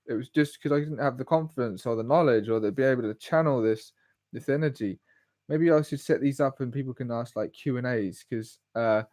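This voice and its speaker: A man, talking casually on a solo livestream. He has a mid-pitched voice and drifts off on tangents as he goes. The sound is dry and close. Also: no room sound. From England. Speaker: live stream host.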